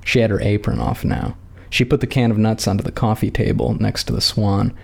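A man calmly reading a short story aloud in a measured narrating voice. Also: fairly low pitch, creaky, breathy edge.

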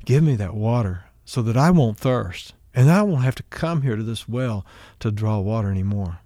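A man voicing a wary Samaritan woman at a well, speaking slowly and questioningly. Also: on the low side, expressive, warm tone, no room sound, studio quality, close to an everyday voice. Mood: doubtful.

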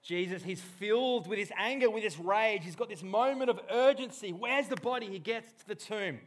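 Impassioned male preacher, fairly high voice. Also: moderate pace. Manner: impassioned, swings from hushed to loud bursts. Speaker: pastor. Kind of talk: sermon.

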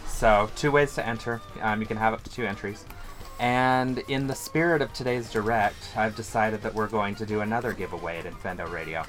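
A man with a somewhat low voice co-hosts a podcast, wry and self-deprecating. He explains things conversationally while faint music plays underneath. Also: fairly bright tone. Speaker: podcast co-host. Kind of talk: casual podcast chat.

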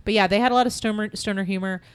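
A woman's voice: medium pitch, fairly even intonation, very fast, clear, resonant tone, no echo. A woman hosting a casual podcast, leading the discussion with a frank, blunt manner. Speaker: podcast host. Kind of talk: casual chat.

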